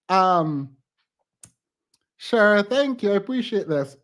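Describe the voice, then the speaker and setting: A man hosting a live stream, touched and thankful, halting and close to tears as he signs off with casual talk. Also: on the high side.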